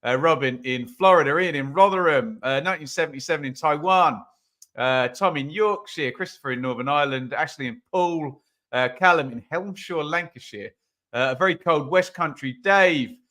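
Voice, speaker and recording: A man's voice: a little high, moderate pace. A man hosting a live football watch-along from his home office, chatting casually and reading out viewers' messages. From England. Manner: chatty, reads out viewer comments, bursts into loud calls. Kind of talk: live stream chat and commentary.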